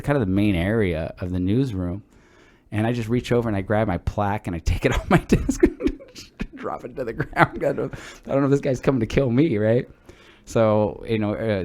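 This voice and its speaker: Low-voiced man telling rambling stories. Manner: relaxed, rambling, swears freely. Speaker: podcast co-host. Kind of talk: casual storytelling chat.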